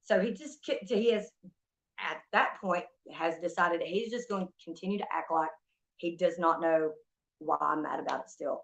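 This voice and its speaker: A woman's voice: on the low side, brisk, vocal fry, fairly bright tone. A young woman streamer telling a story in a heated, profane rant, venting about a stolen ring. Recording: dull lo-fi stream audio.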